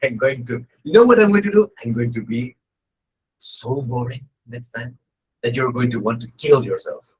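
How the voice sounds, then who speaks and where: A man playing a gruff, blunt old male spiritual master who speaks impatiently and brusquely. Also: medium pitch, moderate pace, close to an everyday voice, poor audio.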